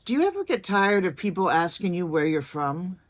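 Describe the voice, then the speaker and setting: A woman accent coach giving a clear, deliberate lesson, demonstrating phrases aloud. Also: fairly low pitch, sing-song. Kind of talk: instructional talk to camera.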